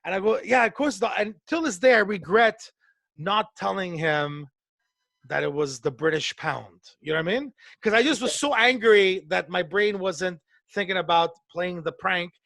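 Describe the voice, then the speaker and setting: A high-voiced man from Canada tells podcast stories in a loose, swearing, animated style. He slips into the voices of the people he quotes. The sound is dry and close. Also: normal speed, vocal fry, no room sound. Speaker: podcast co-host. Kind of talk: casual storytelling chat.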